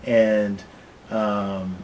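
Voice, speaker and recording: A man with a fairly low voice tells his own story with many pauses, fillers and restarts. He sounds like a teacher describing a difficult day. A faint low rumble sits under the recording. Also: little pitch movement, darkish tone, rough recording. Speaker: teacher recounting an incident. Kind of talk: personal account to camera.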